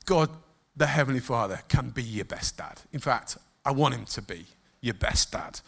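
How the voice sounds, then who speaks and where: A man preaching a sermon, telling stories with emotion and dropping suddenly soft. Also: mid-range voice, moderate pace, vocal fry. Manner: emotional, animated storytelling with sudden soft drops.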